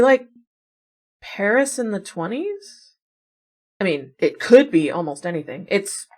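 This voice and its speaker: A woman talks her way through guessing games, musing aloud in a relaxed, chatty way. Her voice sits on the lower side, and she drops in wry remarks about herself as she goes. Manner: chatty, wondering aloud, self-deprecating asides. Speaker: puzzle game streamer. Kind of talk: casual think-aloud commentary.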